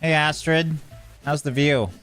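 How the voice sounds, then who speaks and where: A man's voice: fairly high pitch, fairly even intonation, measured pace, fairly bright tone, soft background music. Casual man narrating his gameplay. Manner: talks to game characters, swears mildly, gets flustered. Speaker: gameplay commentator.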